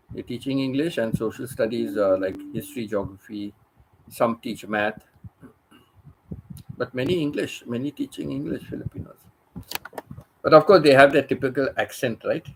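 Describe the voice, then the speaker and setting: A channel host about living in Thailand rambles casually, repeating phrases and restarting his sentences. His mid-range voice is creaky, with background noise.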